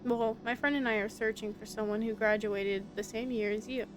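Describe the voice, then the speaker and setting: A woman's voice: on the high side, steady tone, fairly quick, faint music behind, close to an everyday voice. Earnest inquisitive game sleuth, voiced by a woman. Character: polite young investigator searching for someone. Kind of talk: voice-acting a visual novel.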